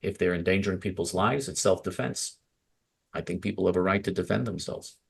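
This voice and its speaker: A man's voice: sits low, brisk, gravelly, husky. A man hosting a talk show, speaking emphatically and a little preachily. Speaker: host. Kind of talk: casual talk-show chat.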